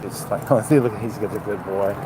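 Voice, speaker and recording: A man's voice: on the low side, a little fast. A man chatting casually on a livestream while walking his dogs outdoors, swearing freely and talking to the dogs between remarks. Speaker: dog breeder vlogger. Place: outdoors on a city street. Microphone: phone held while walking. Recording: outdoor street noise, traffic. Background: traffic and street noise.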